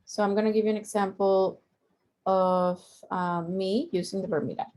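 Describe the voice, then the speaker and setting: A woman's voice: medium pitch, fairly even intonation, normal speed, a little mellow. A middle-aged woman teaching a Spanish lesson, patiently repeating each point and drawing out the example words. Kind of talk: language lesson.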